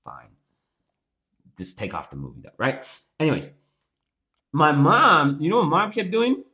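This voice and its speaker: Young man, podcast co-host, casual rant, profane, pitch jumping all over. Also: measured pace. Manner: animated, profane ranting. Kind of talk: casual chat.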